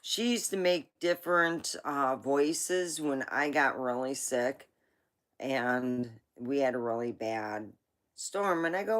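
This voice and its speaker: A woman's voice: a bass voice, takes it slowly. A woman hosting a livestream, telling rambling family stories in a chatty way with asides. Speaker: livestream host. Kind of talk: casual storytelling.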